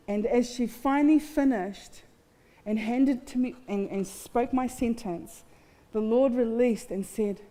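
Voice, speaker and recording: This guest speaker talks at a measured pace in a mellow, somewhat high voice. Speaking from a festival stage in a big hall, she offers an honest personal account with touches of self-deprecating humor, all wrapped in long hall reverb.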